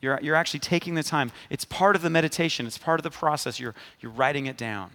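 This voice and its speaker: A man's voice: a little high, quick pace, bright, forceful tone, big-room sound. A man preaching a sermon, emphatic, often turning to the congregation with a questioning 'amen?'. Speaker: pastor.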